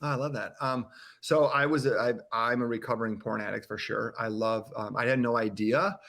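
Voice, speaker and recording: A podcast guest with a mid-range, steady, slightly bright voice shares candidly and earnestly. He speaks haltingly, restarting his sentences often and acting out what other people said.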